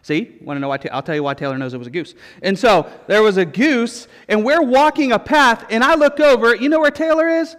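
A male pastor preaching a sermon, telling stories with repeated refrains in an animated way. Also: extremely high pitch, brisk, hardly any pauses. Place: church sanctuary. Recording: long reverb of a church hall.

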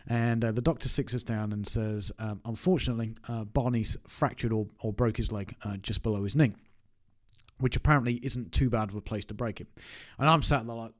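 A man's voice: mid-range voice, normal speed. A man, telling a personal story to camera in a chatty, self-mocking way. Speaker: business owner vlogger. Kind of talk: casual anecdote to camera.

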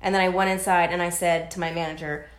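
A waitress in her twenties tells a gossipy story in casual chat, talking fast in a lowish voice. She animatedly acts out the people involved, quoting their voices, and the room sounds echoey.

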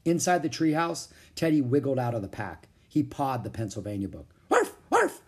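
Expressive children's audiobook narrator. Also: medium pitch, brisk, slightly rough. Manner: expressive storytelling. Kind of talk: children's book read aloud.

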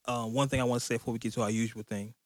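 A man hosting a casual podcast with friends, upbeat and playful. His voice is mid-pitched and dry, as if right on the mic. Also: steady tone, no echo. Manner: hyped, joking, trying a deliberately slow delivery. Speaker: podcast host. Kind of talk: casual chat.

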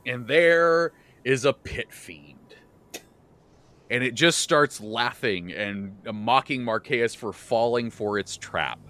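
A man hosting a podcast, recounting his tabletop game session as game master in a loose, animated way, with many restarts and bursts of laughter. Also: medium pitch, slow. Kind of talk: casual recap of a tabletop game.

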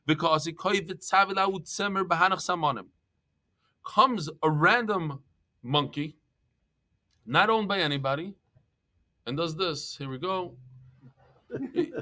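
A man leads a Talmud class with a slightly higher voice. He talks in a lively, joking way, telling stories and sprinkling his with Hebrew and Yiddish terms. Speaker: Talmud teacher.

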